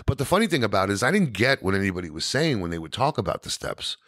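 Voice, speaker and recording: A man with a New York accent telling his recovery story as a podcast guest, animated and peppered with "you know what I mean". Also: lowish voice, fast talker, no room sound, studio quality.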